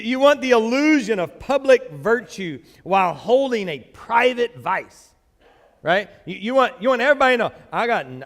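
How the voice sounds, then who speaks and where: A man's voice: high-pitched, a bit bright, long reverb tail. A pastor preaching a sermon to his church, joking along the way and reading scripture aloud with strong emphasis. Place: church sanctuary.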